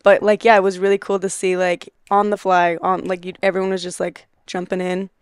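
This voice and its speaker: A woman's voice: lowish voice, completely flat delivery, brisk, clean tone, dry recording, clean studio sound. A woman from Utah, a guest on a casual podcast, talking in a chatty, giggly way with lots of "like". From Utah, USA. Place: home podcast studio.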